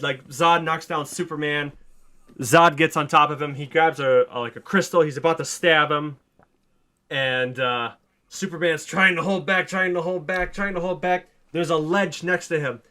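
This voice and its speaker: Bright-voiced man pitching a story excitedly. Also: normal speed. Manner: excited retelling, casual swearing. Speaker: podcast host. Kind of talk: casual chat, pitching a story.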